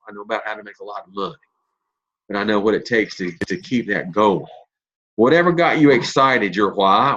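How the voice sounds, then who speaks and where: On a lo-fi recording, a network marketing leader in his fifties motivates his audience with blunt, folksy storytelling and a bit of mild cursing. His voice is mid-range and fairly bright.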